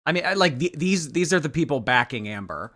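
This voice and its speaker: A man's voice: fairly high pitch, sing-song, a little fast, fairly bright tone. A man hosting a livestream, giving sarcastic, chatty commentary and thanking viewers. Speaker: livestream host. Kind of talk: casual commentary stream.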